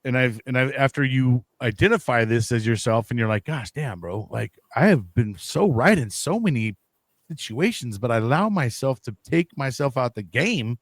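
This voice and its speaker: A man's voice: medium pitch, expressive, moderate pace, no echo. A man hosting a casual podcast talk, rambling with many restarts, fillers and casual swearing. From United States. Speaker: podcast host. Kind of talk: casual conversation.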